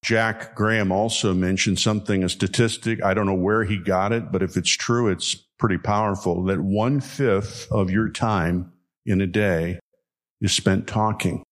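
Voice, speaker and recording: A man giving a sermon, telling stories in a folksy way and repeating key lines slowly for emphasis. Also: deep voice, fairly even intonation. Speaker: preacher.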